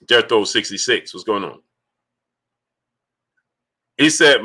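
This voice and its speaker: A man runs a casual live sports stream, reading Super Chats, greeting people by name, and repeating himself. His voice is on the low side and husky, pushed and bright, animated but slow.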